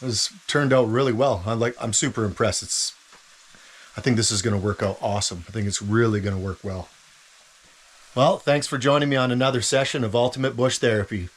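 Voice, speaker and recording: A man filming a relaxed camp cooking vlog inside an ice fishing tent, savoring his food and talking with his mouth full. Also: mid-range voice, brisk. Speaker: outdoor vlogger.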